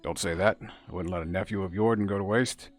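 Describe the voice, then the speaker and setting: A man voicing a gruff, blunt male village castellan with a gravelly voice, reading game dialogue aloud. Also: deep voice, fairly even intonation, a little fast, faint music behind. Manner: blunt, matter-of-fact.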